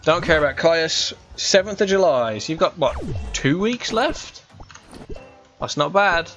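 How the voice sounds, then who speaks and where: A man's voice: fairly high pitch, lively intonation, normal speed, a bit bright, dull audio, soft background music. Rambling young man, West Midlands English. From England. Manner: rambling, chatty, full of fillers and restarts. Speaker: gaming streamer. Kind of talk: casual gameplay chat.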